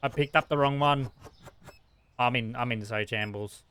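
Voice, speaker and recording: A young man streaming a shop game, talking fast and frazzled to his customers and himself. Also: mid-range voice, fairly bright tone, slight background noise. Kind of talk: live-streamed gameplay commentary.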